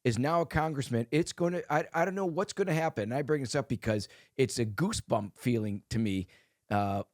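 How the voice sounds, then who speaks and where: A man co-hosting a casual podcast chat, his mid-pitched voice dry and close. He rambles excitedly, often restarting his sentences. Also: a little fast, dry recording. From Wisconsin. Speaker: co-host.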